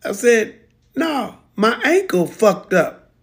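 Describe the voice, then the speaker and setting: A proud, defiant pro football star, played by a man, unloads a profane, indignant rant. His voice sits high for a man, and he hits each point hard. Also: very animated, slow pace, a bit bright, exaggerated voice. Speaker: social media rant. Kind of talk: comedic impression monologue.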